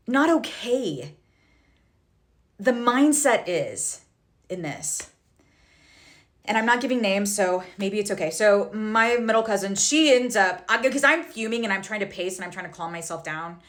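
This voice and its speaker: A woman's voice: medium pitch, expressive, a little slow, pauses often. Frank, heated woman telling a personal story. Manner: frank and heated, with many fillers and self-corrections. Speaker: social media storyteller. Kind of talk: candid personal storytelling to camera.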